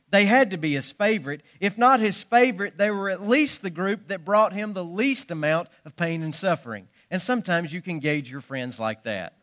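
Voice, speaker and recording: A man's voice: high-pitched, a bit bright. A man preaches a sermon. He tells folksy jokes and stories, leaning hard on his emphasis. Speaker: pastor.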